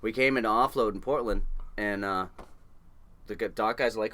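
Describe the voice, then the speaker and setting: A fishing boat chief engineer from coastal New England appears as a guest in a casual interview, telling stories loosely. He's a salty fisherman who swears freely, speaking at normal speed in a low, bright-toned voice.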